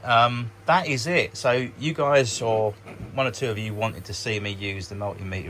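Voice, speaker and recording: A man's voice: lowish voice, moderate pace, fairly bright tone, slight background noise. A man talking casually through a how-to demonstration for his hobby channel, rambling a little and correcting himself as he goes. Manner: chatty, rambling, self-correcting, dry sarcasm. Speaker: model railway hobby vlogger.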